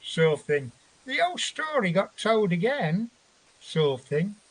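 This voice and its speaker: Husky man telling a story. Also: high-pitched, very animated, measured pace. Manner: rambling, profane, acts out quotes. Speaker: guest. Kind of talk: animated storytelling in a chat show.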